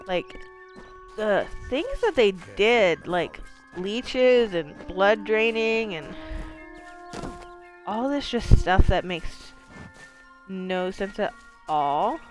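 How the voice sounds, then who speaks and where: A woman streamer giving casual, rambling commentary while she plays, with lots of fillers, the odd swear word and easy laughter. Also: medium pitch. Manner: laughs easily. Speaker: game streamer.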